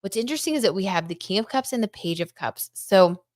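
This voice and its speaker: A young woman hosting a casual live-stream tarot reading, chatty and excitable, reading out viewer comments and reacting with frequent exclamations. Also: medium pitch, quick pace, no echo, clean studio sound. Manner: chatty and excitable, lots of "oh my god" and "like".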